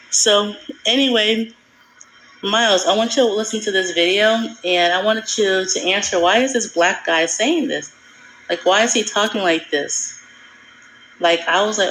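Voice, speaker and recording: A woman's voice: medium pitch, moderate pace, fairly bright tone, roomy sound, a little hiss or hum, rough recording. Chatty exasperated woman vlogger. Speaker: video creator in a played clip. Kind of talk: casual vlog talk.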